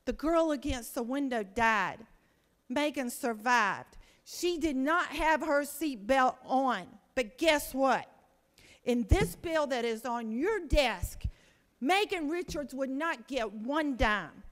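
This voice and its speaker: A woman speaks from the floor of a large legislative chamber, and the long reverb of the room trails behind her. Her voice sits a little high as she presses her case emotionally with one rhetorical question after another. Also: lively intonation, takes it slowly, fairly bright tone. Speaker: state senator. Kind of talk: impassioned floor speech.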